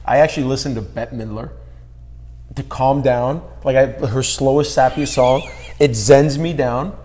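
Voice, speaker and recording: A man's voice: mid-range voice, a little mellow, long reverb tail. A man hosting an interview podcast, chatting eagerly and drifting into tangents. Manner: quick, eager, prone to digressions and restarts. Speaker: podcast host. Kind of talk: casual interview chat.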